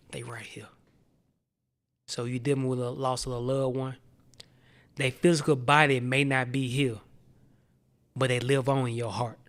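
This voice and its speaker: A man pastor delivering a sermon with impassioned preaching that drops into hushed tones. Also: mid-range voice. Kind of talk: sermon on a streamed show.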